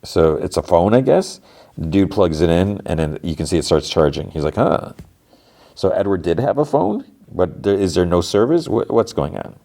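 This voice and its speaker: A man with a very low voice talks through a show recap in loose, casual chat. He keeps restarting his sentences and leans on fillers as he goes. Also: sing-song, normal speed, warm tone. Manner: rambling, filler-heavy retelling with many restarts. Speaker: podcast host.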